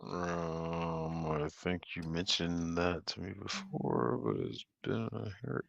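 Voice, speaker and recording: Slow deep gravelly man. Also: steady tone, sharp tone, dry recording, muffled recording. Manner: laid-back, laughs often. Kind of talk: casual group voice chat.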